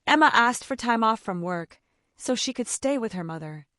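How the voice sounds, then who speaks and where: A woman narrating an emotional story in a measured, heartfelt way. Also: fairly high pitch, lively intonation, fairly bright tone, dry recording, clean studio sound.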